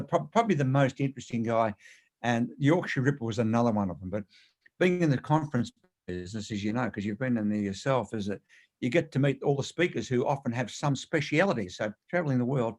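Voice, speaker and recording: Male author, rapid storyteller, emphatic, interview guest. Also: medium pitch. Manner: animated anecdotes, quick and emphatic.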